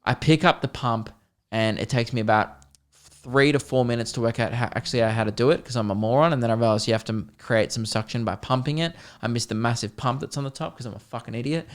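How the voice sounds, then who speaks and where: Young male podcast host, middle-pitched voice, animated, sweary, self-mocking comic storytelling. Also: quick pace.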